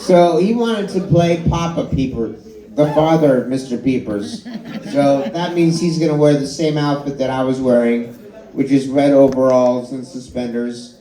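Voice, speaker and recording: A man doing a stand-up comedy set, telling a story in an animated way and swearing freely. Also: medium pitch, normal speed. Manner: animated storytelling, swearing, crowd laughing along. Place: live comedy show at a bar and grill. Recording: echoey bar room with a loud crowd. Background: audience laughing.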